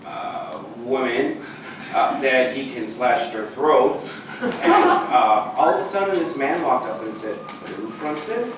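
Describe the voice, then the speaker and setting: A man's voice: medium pitch, slow, background noise. Guy stumbling through improv lines, far from mic, roomy. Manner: hesitant, with many fillers. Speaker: improv student. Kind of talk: improvised storytelling. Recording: echoey room from far off.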